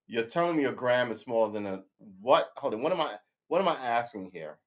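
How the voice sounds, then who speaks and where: A man with an ordinary mid-pitched voice hosts a casual live news stream. He rambles and swears freely, cracks jokes and calls his viewers boys and girls. He keeps stopping to restart or correct himself as he thinks aloud. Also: lively intonation, fairly quick, few pauses. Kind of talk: casual political commentary.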